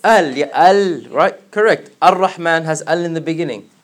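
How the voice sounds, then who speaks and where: A man teaching a religious class, explaining word by word and asking his students questions, with quick recited verses. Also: fairly high pitch. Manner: recites verses in rapid chant.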